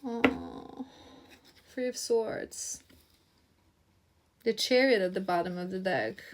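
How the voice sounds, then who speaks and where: A woman's voice: medium pitch, slow, background noise. A woman doing a tarot reading to camera, effusive and earnest, often restarting her phrases and repeating herself. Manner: earnest, emotionally stirred. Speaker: tarot reader.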